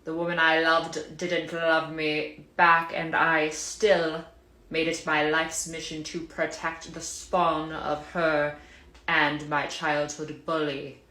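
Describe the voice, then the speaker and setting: A woman's voice: low-pitched, little pitch movement, slow, sharp tone, reverberant, full character voice. A woman playing a brooding, sardonic Slytherin man, speaking with dry disdain. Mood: bitter.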